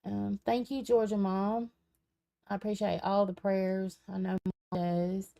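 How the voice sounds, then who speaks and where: A woman's voice: medium pitch, flat delivery, unhurried, creaky, mellow. A woman, a tarot reader chatting casually on a live stream, her voice cracking in and out. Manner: chatty, reads viewer comments aloud, folksy.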